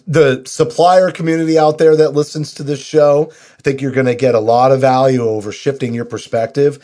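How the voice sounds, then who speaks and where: A man's voice: medium pitch, fairly even intonation, normal speed, warm tone. Upbeat male podcast host. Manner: upbeat, promotional, many "you know" fillers. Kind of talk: podcast interview.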